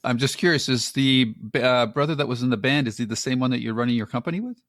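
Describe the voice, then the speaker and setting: A man's voice: medium pitch, fast talker, a bit bright, dry recording, clean studio sound. A male podcast host interviewing a guest, with frequent short acknowledgements. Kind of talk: casual interview.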